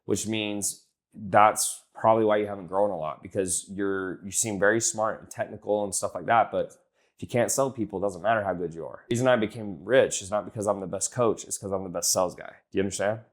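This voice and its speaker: A man's voice: on the low side, a little fast. A young man giving blunt, casual coaching on sales, swearing easily and acting out text messages in a lifted voice. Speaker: business coach.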